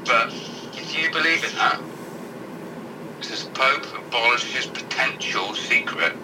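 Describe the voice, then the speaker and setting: A man reads news headlines aloud during casual banter, swearing freely and tripping over the harder words. He sits well back from the microphone, and loud background noise runs under everything he says. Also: mid-range voice, animated, measured pace, recorded from a distance. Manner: irreverent, sweary, stumbles while reading aloud. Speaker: co-host reading out news headlines.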